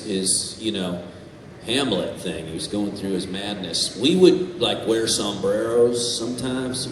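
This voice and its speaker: Animated man telling stories in an echoey hall. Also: on the low side, slight background noise. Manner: animated, swearing, laughs through his stories. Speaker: convention panel guest. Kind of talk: storytelling on a panel. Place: large convention hall. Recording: echoey hall, far from mic, faint ambience.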